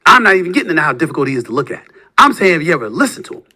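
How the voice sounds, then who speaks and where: Very animated and talking very fast, a man in his fifties rants combatively as a sports talk host. He fires off taunting rhetorical questions, veering from quiet muttering to loud outbursts.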